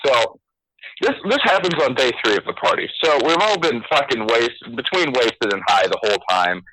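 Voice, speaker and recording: A man's voice: mid-range voice, lively intonation, moderate pace, sharp tone, no room sound, rough recording. A young man telling a story on a casual podcast chat, swearing a lot and laughing as he goes. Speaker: podcast co-host.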